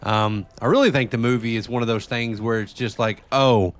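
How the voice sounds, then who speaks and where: In a dry recording, a man with a medium-pitched voice, fairly even intonation, and moderate pace rambles casually to viewers during a live game stream. His language is loose and profane.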